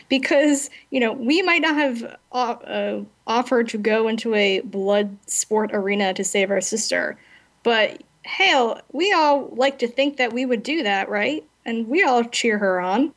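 A woman's voice: on the high side, expressive, measured pace. A woman co-hosting a podcast, chatting casually and ranting bluntly with frequent laughs. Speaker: podcast co-host.

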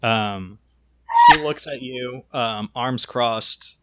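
A man's voice: fairly low pitch, little pitch movement, slow pace, very noisy. A man narrating a tabletop game as game master, hesitant and full of fillers.

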